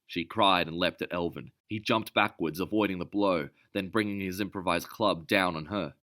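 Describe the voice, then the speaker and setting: A male narrator with a very low voice that still carries a bright, forceful edge. He reads the scripted adventure tale steadily and measuredly, each sentence carefully paced.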